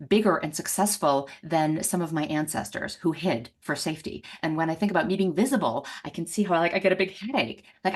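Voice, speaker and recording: Middle-aged woman w a low voice, animated storyteller, does little voices for people she quotes. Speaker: money mindset coach. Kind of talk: storytelling in a podcast conversation.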